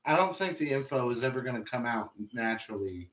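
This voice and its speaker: A man's voice: mid-range voice, a little fast. A man running a tabletop game, chatting loosely and telling stories about it, swearing freely. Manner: animated, swearing storyteller. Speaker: game master. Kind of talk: casual chat after a tabletop game. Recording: roomy, distant mic.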